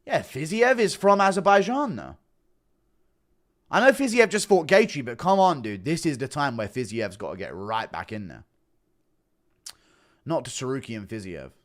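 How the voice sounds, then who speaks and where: A man's voice: mid-range voice, sing-song, moderate pace, long pauses. A man hosting a livestream, reacting to a podcast clip and reading chat messages in a blunt, rambling, swear-heavy way.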